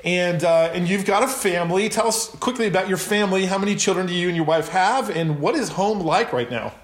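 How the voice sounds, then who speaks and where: A man's voice: sits high, a little fast. Man, middle-aged, podcast host, chatty and upbeat, echoey room. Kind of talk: casual podcast interview. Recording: roomy echo.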